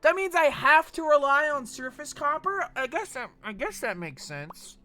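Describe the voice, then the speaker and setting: Male streamer, from Texas, casual and profane, reads chat aloud, bright voice with a wide swing. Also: very high-pitched, sing-song, moderate pace. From Texas, USA. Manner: rambling, profane, reads chat messages aloud and jokes back. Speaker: gaming streamer. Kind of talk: casual livestream chat while gaming.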